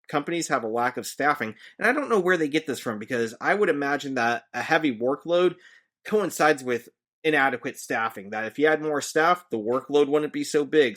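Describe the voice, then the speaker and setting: An easygoing man hosting a podcast, talking through a recap in a relaxed, chatty way. His voice sits at an ordinary middle pitch for a man, and he chuckles easily as he goes. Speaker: podcast host; teacher. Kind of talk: casual recap chat.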